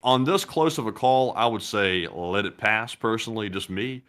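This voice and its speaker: A man co-hosting a casual news talk show, measured and hesitant, often pausing on "uh". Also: lowish voice, a bit bright, clear, resonant tone. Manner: hesitant, many "uh" fillers, measured. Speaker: co-host.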